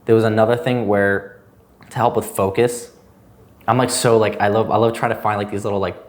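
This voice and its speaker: A young adult man appears as a guest on a podcast, chatting casually and rambling loosely with lots of "like" thrown in. His voice is fairly low and his delivery flat, and he speaks a little fast.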